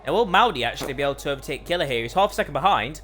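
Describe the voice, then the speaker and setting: A man calls a sim racing league live, with a bright, forceful voice pitched a little high. He gets excited and climbs higher during close battles. Faint music plays behind him. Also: racing. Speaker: lead commentator for an online sim racing league. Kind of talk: live race commentary.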